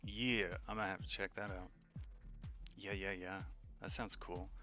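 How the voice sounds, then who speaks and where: A man's voice: low-pitched, fairly even intonation, moderate pace, bright, forceful tone, soft background music. A man casually talking through his coding work to live viewers, thinking aloud, muttering and joking with his chat. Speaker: game developer streaming his work.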